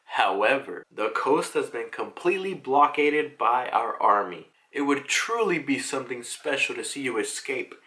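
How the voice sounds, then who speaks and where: Man voicing a menacing demon lord, slow and measured, bright tone. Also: mid-range voice, animated, low-quality recording. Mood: coldly menacing. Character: cold menacing male demon noble, calm and cruel.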